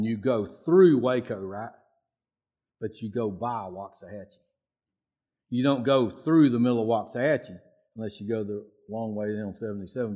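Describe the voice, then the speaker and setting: Preacher man, folksy sermon. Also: medium pitch. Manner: acts out prayers in a raised voice. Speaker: pastor.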